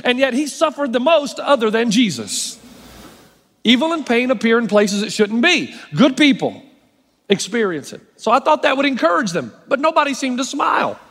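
A man pastor preaching a sermon with wry, self-mocking humor, slowing down to stress key phrases. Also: very high-pitched, big pitch swings, fairly bright tone. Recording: long hall reverb.

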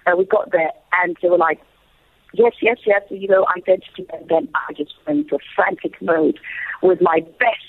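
A woman guest telling a story in an animated way, often repeating words, over a tinny phone line. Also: fairly low pitch, fairly quick, breathy edge. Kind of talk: lively storytelling on a call.

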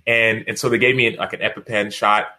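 A man in his thirties telling stories as a podcast guest, animated and acting out what others said, often adding "right?". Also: lowish voice, fairly quick. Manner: animated storyteller, acts out quotes, frequent "right?". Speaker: guest author. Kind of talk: podcast interview storytelling.

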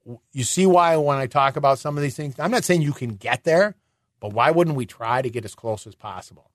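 A middle-aged man hosting a finance radio show, explaining in a chatty way with rhetorical questions and quick restarts. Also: mid-range voice, no echo, clean studio sound.

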